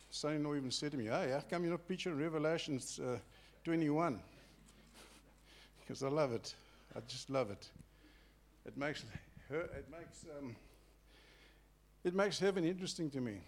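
An older man delivers a sermon like a story told among friends. His voice sits a little high for a man, and it often sinks to a quiet murmur at the end of a point. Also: normal speed. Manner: storytelling, conversational with sudden soft drops. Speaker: preacher.

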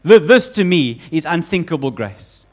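High-voiced man preaching with emphasis. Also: normal speed. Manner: emphatic, animated preaching with list-like repetitions; acts out quoted voices of God and Jonah. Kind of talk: sermon.

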